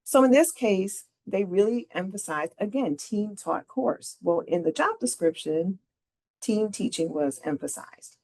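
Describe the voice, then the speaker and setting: A woman's voice: mid-range voice, lively intonation, unhurried, darkish tone. A middle-aged woman leading a careers workshop, walking through slides in a conversational way and often checking in with "right?". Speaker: career advisor presenting a workshop.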